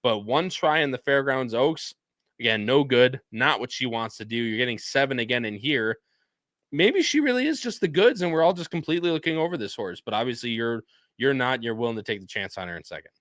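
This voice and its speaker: A man's voice: mid-range voice, fairly quick, a bit bright, dry recording. A man hosting a casual horse-racing podcast chat, talking loosely with restarts and friendly banter. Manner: loose, rambling, with restarts and laughs. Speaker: podcast host.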